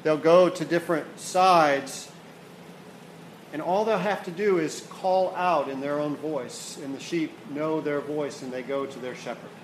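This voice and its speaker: A man's voice: fairly high pitch, fairly even intonation, a little slow, slight background noise. A man preaching a sermon with earnest build-up, often repeating words as he rises toward questions and falls back. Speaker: pastor. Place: church hall. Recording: echoey hall, faint ambience.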